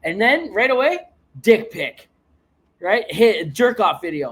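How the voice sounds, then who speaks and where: A man from Canada hosting a podcast, telling profane stories in a casual chat with big jumps in pitch. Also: a little slow, husky. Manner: profane, animated storyteller with big pitch swings. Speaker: podcast host.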